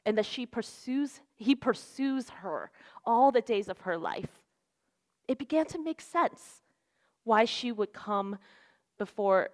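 A young woman preaching a sermon in an earnest, conversational way, with lots of "like" and "right?". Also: on the high side. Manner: casual, earnest, fillers like "like" and "right?".

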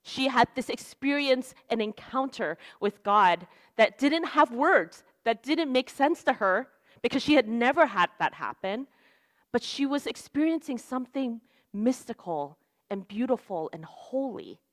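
Young woman, preacher, casual sermon delivery, slightly high voice, earnest and chatty. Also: animated, a little slow. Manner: casual, earnest, fillers like "like" and "right?". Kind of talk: conversational sermon.

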